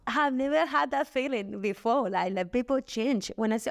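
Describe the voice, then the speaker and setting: Chilean woman, candid and expressive. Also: on the high side, moderate pace, gravelly. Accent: Chilean Spanish. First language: Spanish. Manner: candid, expressive storytelling with restarts. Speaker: podcast guest. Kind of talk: casual chat.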